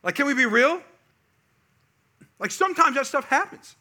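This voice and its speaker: Pastor, man, middle-aged, high bright voice, animated sermon storyteller. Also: moderate pace. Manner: animated storytelling, builds to loud emphatic peaks.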